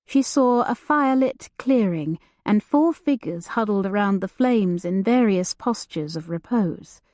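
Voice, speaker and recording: A woman reading an audiobook as narrator, in a measured, deliberate storytelling manner. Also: mid-range voice, animated, darkish tone, dry recording, studio quality. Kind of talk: scripted narration.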